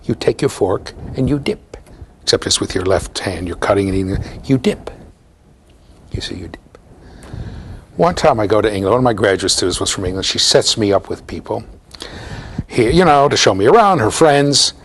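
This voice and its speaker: A man's voice: fairly low pitch, animated, fairly quick, a little hiss or hum. A middle-aged American man giving a university lecture, telling stories with asides to his students. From United States. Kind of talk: storytelling classroom lecture.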